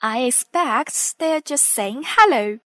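A woman voicing a calm, gentle mother pig in a storybook reading, soft and soothing. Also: high voice, slow pace, no echo, full character voice.

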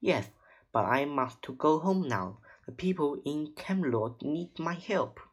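Brief: reader doing a gentle enchantress, soft, husky, slow. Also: mid-range voice. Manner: soft, calm.

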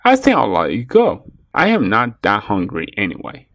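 A man voicing a big proud male lion in a storybook, booming and mocking. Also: wildly swooping pitch, normal speed, fairly bright tone, no room sound, studio quality, exaggerated voice.

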